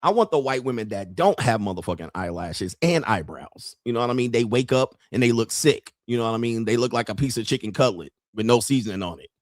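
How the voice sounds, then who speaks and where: A brash male streamer riffs to his viewers in a loose, profane ramble. His pitch leaps around constantly, and the recording is close and dry with no room sound. He is mid-pitched for a man. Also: expressive, quick pace, hardly any pauses, dry recording. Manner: talks straight to viewers. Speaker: live-stream host. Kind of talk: casual live-stream commentary.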